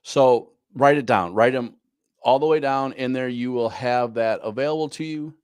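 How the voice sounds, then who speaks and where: A man's voice: medium pitch, moderate pace, clear, resonant tone, no room sound, studio quality. Emphatic man coaching an online class. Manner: emphatic, repeats key points, fillers like "right?". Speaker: business coach. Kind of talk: live online class on goal planning.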